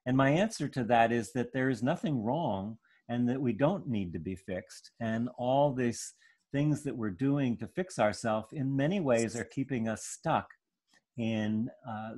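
A man giving a gentle, searching spiritual talk, with soft hesitations as he thinks. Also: mid-range voice, a little slow. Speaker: spiritual teacher.

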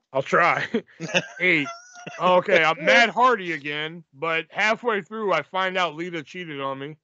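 A man's voice: a little high, lively intonation, slow, pauses often, pushed and bright. A man hosting a casual podcast, loose and joking. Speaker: podcast host. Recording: dull, dry lo-fi audio.

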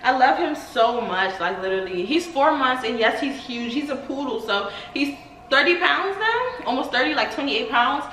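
A young woman chatting casually to her viewers in a home vlog, excitable and talkative, often saying y'all. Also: sits high, normal speed, reverberant, slight background noise, poor audio. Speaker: vlogger.

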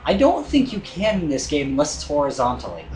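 A man's voice: fairly high pitch, big pitch swings, brisk, darkish tone. Chatty man narrating gameplay, echoey room. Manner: chatty, rambling, hesitant with many fillers. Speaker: let's play host. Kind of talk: casual gameplay commentary. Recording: echoey room with game music.

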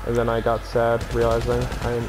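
In a mid-range, monotone voice that runs a little fast, a young gamer trades crude jokes and laughs while playing with a friend. The game's gunfire and engines are audible behind the casual chat.

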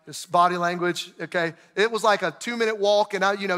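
A middle-aged man preaching a sermon, telling a personal story in an animated way and acting out shouted quotes. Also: sits high, fast talker, hardly any pauses. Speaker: pastor. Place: large church auditorium. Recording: long hall reverb.

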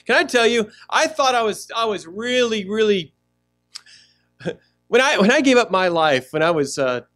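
High-voiced guy preaching a sermon, lively, acts stuff out, faint music behind. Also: moderate pace. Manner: animated preaching, acts out little scenes. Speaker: pastor. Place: church sanctuary.

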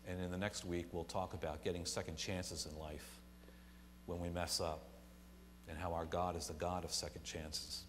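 A pastor delivering a sermon, swinging from quiet to loud and emphatic and acting out imagined people. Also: male voice, deep voice, level tone, normal speed. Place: church sanctuary. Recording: long church reverb, faint hum.

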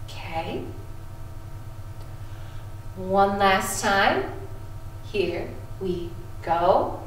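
A woman music teacher leading a lesson for second graders, calmly encouraging them and chanting rhythm syllables. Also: mid-range voice, drawn-out words, slight background noise. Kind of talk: video music lesson for children. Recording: echoey room, voice from a distance.

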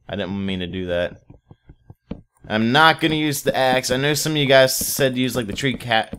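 Low-voiced young man rambling over a game. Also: fairly bright tone, slight background noise. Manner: rambling, swears casually, talks to viewers and in-game animals. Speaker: Let's Play host. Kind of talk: casual gameplay commentary.

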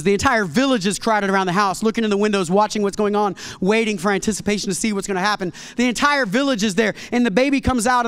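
Pastor, very high-pitched man, dramatic storytelling sermon. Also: smooth. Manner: dramatic storytelling, acts out quoted dialogue, builds to loud climaxes.

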